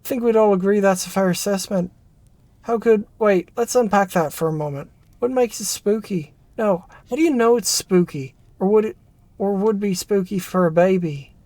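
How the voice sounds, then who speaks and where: A performer reading a narrative game aloud, voicing an excitable former research assistant who rambles and restarts mid-thought. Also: mid-range voice, normal speed, dry recording, lightly acted. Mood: excited. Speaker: game character voice.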